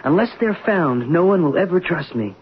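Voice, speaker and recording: A nervous young stockbroker. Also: male voice, fairly high pitch, expressive, moderate pace, slightly rough. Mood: anxious. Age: young adult. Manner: nervous, stammering. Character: young male stockbroker, anxious and defensive. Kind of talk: 1970s radio drama acting. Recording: dull 1970s radio broadcast.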